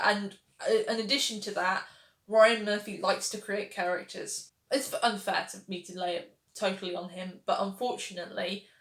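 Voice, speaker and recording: A woman giving casual, sarcastic commentary on a television series, exasperated with its writing. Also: medium pitch. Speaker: pop culture reviewer. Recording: roomy echo.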